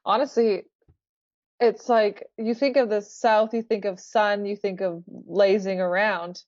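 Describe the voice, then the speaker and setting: A woman's voice: medium pitch, steady tone, unhurried, darkish tone, no room sound. A woman who sings in a band, a guest in a casual interview, talking earnestly and laughing easily. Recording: dull lo-fi dry sound.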